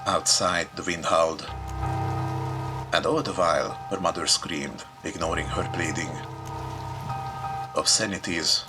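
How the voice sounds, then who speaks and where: A man's voice: low voice, fairly even intonation, unhurried, long pauses, over music. A man hosting a let's play, reading a story game aloud with dramatic narration and dry asides. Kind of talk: reading a visual novel aloud with commentary.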